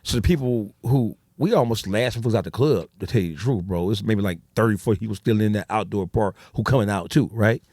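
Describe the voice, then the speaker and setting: Man, guest on a podcast, talks quick and swears a lot, dry close sound. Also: lowish voice, a little mellow, no room sound. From Detroit, USA. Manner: profane, street slang, acts out quoted dialogue. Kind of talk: casual storytelling.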